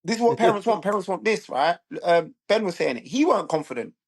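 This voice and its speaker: A man's voice: sits high, lively intonation, fast, husky. A man, a former footballer turned youth coach, talking bluntly and emphatically on a podcast and often checking in with "right?". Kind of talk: casual podcast conversation.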